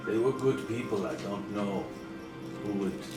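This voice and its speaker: A man's voice: on the low side, animated, distant mic. A man voicing a grieving male dwarf mage, speaking formally with a put-on German accent, in an echoey room with music playing. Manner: grieving, halting, formal speech. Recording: echoey backyard or living room with music behind.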